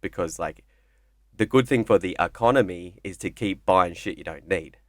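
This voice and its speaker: Low-voiced, rambling man. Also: no room sound, clean studio sound. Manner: rambling, profane, acts out voices in quick asides. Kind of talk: casual podcast chat.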